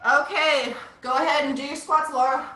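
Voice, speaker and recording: A woman's voice: high voice, steady tone, normal speed, pushed and bright. A woman fitness instructor leading a live online workout class over a video call, upbeat and encouraging as she counts down reps. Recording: echoey room, distant from mic.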